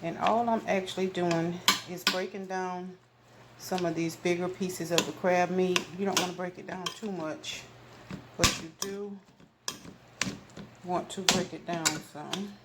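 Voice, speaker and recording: A cooking channel host with a steady, low-side voice speaks a little slowly, chatting folksily as she demonstrates a recipe in her small home kitchen. She films alone on a camera mic, and the kitchen is echoey with background noise.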